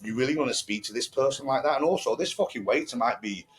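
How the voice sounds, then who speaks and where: A man's voice: mid-range voice, fast, slightly rough. A man, co-hosting a podcast in casual conversation, telling stories bluntly with frequent swearing. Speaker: podcast co-host.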